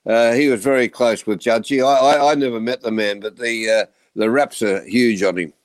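Dry-sounding interviewer. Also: male voice, medium pitch, steady tone, normal speed, dry recording. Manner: steers the talk with questions. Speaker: host. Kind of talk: radio interview.

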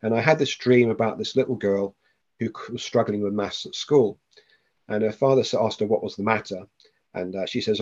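A man's voice: on the low side, a little fast, a little mellow, highs cut off. A man, a podcast guest, tells a personal story with animation and acts out the voices of the people in it.

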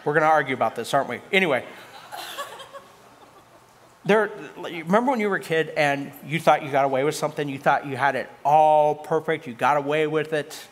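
High-voiced man preaching a sermon. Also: fairly bright tone. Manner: conversational preaching with humorous asides to the congregation. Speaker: pastor.

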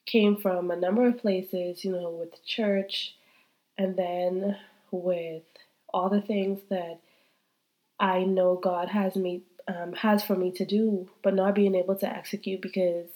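A woman's voice: lowish voice, dark tone. A woman in her thirties hosting a faith-based podcast, speaking candidly and heartfelt, still congested from a cold. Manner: heartfelt, repetitive, talks straight to listeners. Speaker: podcast host.

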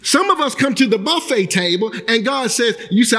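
A male pastor preaching a sermon, breaking into shouted emphasis and acting out the people he quotes. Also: very high voice, very animated, fairly quick, big-room sound.

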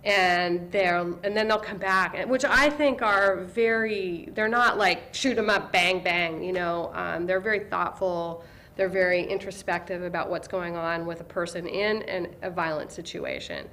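Animated woman telling vivid stories. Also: lowish voice, measured pace. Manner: animated storyteller, acts out kids' voices with excitement. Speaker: librarian and interview guest. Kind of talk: conversational interview.

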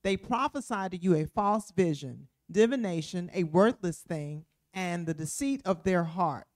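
A woman reading scripture aloud at a steady, measured pace during a Bible lesson. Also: on the low side. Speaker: scripture reader.

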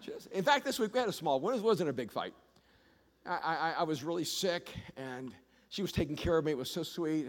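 High-voiced animated pastor in a hall. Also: male voice. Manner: animated storyteller, rising to shouts. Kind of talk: sermon. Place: church auditorium. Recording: long reverb of a large hall.

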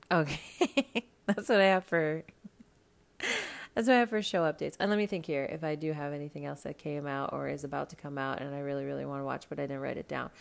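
A young woman with a low-pitched voice hosts a casual solo podcast. She talks bluntly, swears freely and rambles in an animated way. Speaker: podcast host.

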